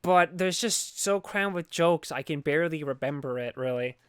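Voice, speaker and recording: A man's voice: fairly high pitch, normal speed, fairly bright tone, smooth, dry recording, clean studio sound. A man co-hosting a podcast, chatting casually and sarcastically about a movie, rambling and swearing. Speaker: podcast co-host. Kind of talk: casual movie review chat.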